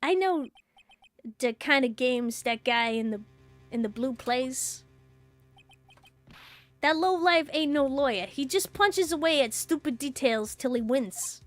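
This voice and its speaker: A woman voicing a menacing, hotheaded male loan-shark thug who talks in rough, ungrammatical street slang. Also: sits high, expressive, unhurried, long pauses, no room sound. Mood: threatening. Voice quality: gruff tough-guy street talk.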